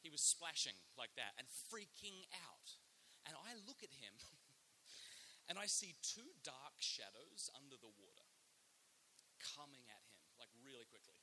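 Animated Australian man telling a story. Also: mid-range voice, a little slow, a little hiss or hum. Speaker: speaker giving a talk. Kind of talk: comic storytelling to a live audience.

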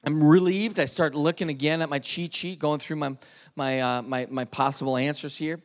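A man giving an earnest personal testimony, dropping to a hush at the tense moments. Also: a little high, steady tone, normal speed, big-room sound. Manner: earnest storytelling, drops to hushed tones at tense moments. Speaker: speaker telling his testimony.

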